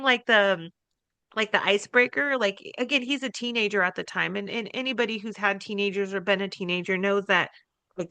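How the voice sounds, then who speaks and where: A middle-aged woman co-hosting a podcast, telling a family story in an expressive, emphatic way and laughing easily. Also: mid-range voice, smooth, dry recording. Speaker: podcast co-host. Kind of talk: casual conversational podcast talk.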